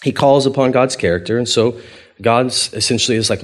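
Male pastor, mid-pitched voice, chatty and playful, animated sermon delivery. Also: fairly quick. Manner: animated, acts out quoted dialogue with big pitch jumps; conversational, playful, chuckles often.

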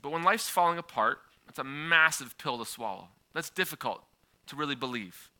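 A man in his thirties delivers a sermon in a lively, conversational manner, weaving in personal stories. His voice sits a bit high and has a very bright, sharp edge. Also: normal speed. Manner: conversational, animated, with frequent filler and restarts. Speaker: preacher.

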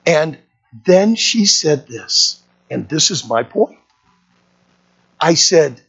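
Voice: mid-range voice, very animated, slow pace, vocal fry, pauses often, a bit bright, slightly rough. A pastor preaching a sermon, telling a story and putting rhetorical questions to the congregation. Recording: dull lo-fi recording.

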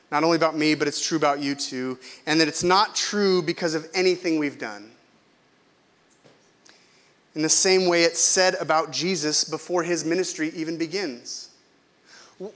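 A man's voice: a little high, fairly bright tone. A middle-aged male pastor from California preaching a sermon in a conversational, self-deprecating way, often asking the congregation questions.

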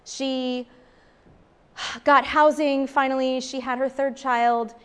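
A woman's voice: high voice, flat delivery, slow pace, a bit bright, clear, resonant tone. A woman in her thirties, a street outreach worker, giving an earnest, emphatic faith talk to a live audience and repeating phrases for stress.

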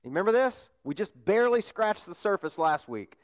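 A man's voice: high-pitched, sing-song, a little fast. Conversational male pastor preaching. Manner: conversational, asks the congregation rhetorical questions. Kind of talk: sermon.

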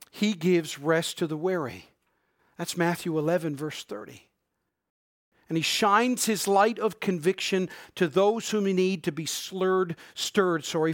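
A middle-aged man preaches a sermon in a fairly high voice, recorded dry and close with no room sound. He swings between loud, emphatic declarations and hushed, pleading lows, and slows right down when he quotes scripture. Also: dry recording. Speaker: pastor.

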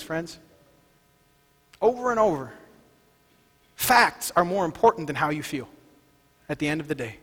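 A man preaching a sermon, moving between quiet, low passages and loud, declaring ones. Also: long reverb tail. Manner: swings from soft and low to loud, shouting declarations. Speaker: pastor.

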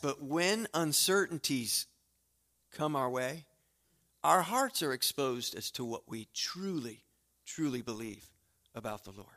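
A middle-aged man preaching a sermon as pastor, talking straight to his congregation and swinging from hushed asides to loud, emphatic declarations in a church sanctuary. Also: fairly high pitch. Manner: conversational, direct address to the congregation.

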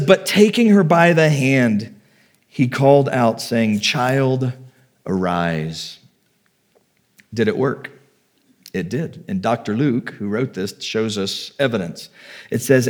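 A man preaching a sermon, reading scripture aloud and retelling it in a conversational, heartfelt way with personal stories. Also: mid-range voice. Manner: conversational, reads scripture then retells it with feeling. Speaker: pastor.

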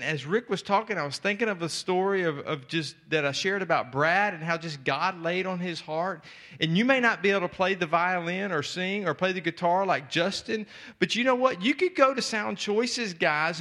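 Man, high voice, passionate sermon, emphatic repetition. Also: bright, forceful tone. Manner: impassioned preaching, repetitive emphatic phrasing. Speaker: speaker at church event. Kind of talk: sermon-style exhortation.

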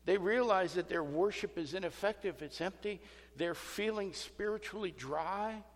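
A man preaching a sermon as pastor, animated and emphatic with self-deprecating asides. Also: sits high, normal speed. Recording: long hall reverb.

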